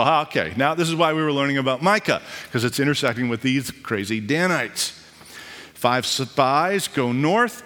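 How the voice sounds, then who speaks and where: A man, a pastor, preaching a sermon in a lively, conversational way with casual asides and jokes. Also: fairly high pitch. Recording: long reverb of a hall.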